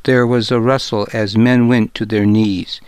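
Casual: guy reading an audiobook in first person, measured, kind of wry, smooth clear voice, dry sound. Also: fairly low pitch, level tone, darkish tone, dry recording. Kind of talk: audiobook narration.

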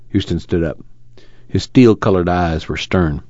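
A man narrating an audiobook in a low, measured voice. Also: darkish tone, no echo. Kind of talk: audiobook reading. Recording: dull lo-fi dry recording.

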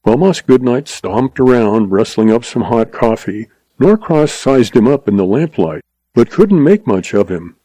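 Low mellow guy reading a western, steady, dry close sound. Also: normal speed, dry recording, rough recording. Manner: steady storytelling. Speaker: narrator.

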